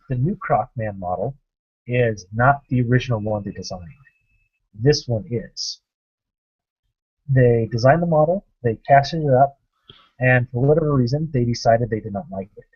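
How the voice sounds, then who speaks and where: A man's voice: mid-range voice, husky. A young man casually telling a funny story from a gaming convention, acting out the quotes as co-host of a tabletop gaming show. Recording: dull lo-fi webcast audio.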